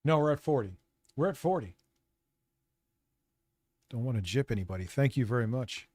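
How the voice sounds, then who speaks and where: A man's voice: medium pitch, lively intonation, normal speed, darkish tone, breathy edge, no room sound. Profane ranting streamer man, dry sound. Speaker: streamer host. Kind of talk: livestream commentary.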